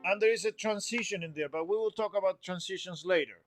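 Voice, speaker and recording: A man's voice: high-pitched, fast talker, over loud music. A man giving an instrument lesson, explaining phrasing patiently, humming example phrases and counting the group in. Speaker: music teacher.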